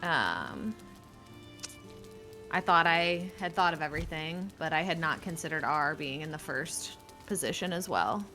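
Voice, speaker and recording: A woman with a lowish but bright, sharp-edged voice chats during a game stream. She speaks softly and hesitantly, often trailing off mid-thought, with faint music underneath. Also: big pitch swings, measured pace. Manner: soft-spoken, hesitant, trailing off. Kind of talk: casual gameplay chat.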